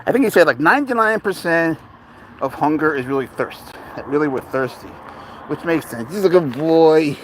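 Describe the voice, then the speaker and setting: Out by a cemetery, a man vlogs while walking his cat, talking casually to the camera and to the cat as a buddy. He sounds fairly high-pitched, expressive, brisk, and a bit bright, and a little hiss or hum can be heard.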